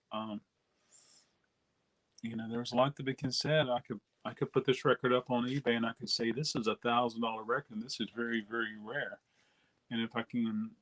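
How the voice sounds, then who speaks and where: A man chats casually as he hosts a live stream about records. He rambles in a relaxed way, full of fillers and restarts, and faint clicking sounds come in behind him. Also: medium pitch. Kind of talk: casual live-stream chat reading viewer comments.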